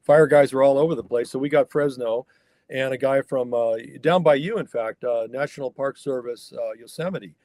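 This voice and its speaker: A man's voice: mid-range voice, normal speed, darkish tone, no room sound. A man, a wild horse researcher from the northern California mountains, telling a story as a guest on a remote interview and acting out the people he quotes.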